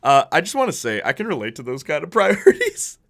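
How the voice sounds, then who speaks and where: A man's voice: on the high side, wildly swooping pitch, fast, a bit bright. A man streaming a video game with casual commentary, chatty and laughing often as he reads viewer chat aloud. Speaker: gaming streamer.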